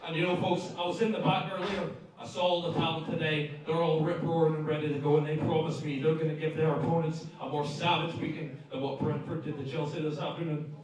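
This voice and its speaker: An Irish man hosting a wrestling show as ring announcer, building hype with shouted calls to the crowd and joking asides. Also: on the high side, level tone, fast talker, far from the mic. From Ireland. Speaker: ring announcer and party host. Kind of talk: live event announcing with jokes. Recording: echoey arena mic from afar.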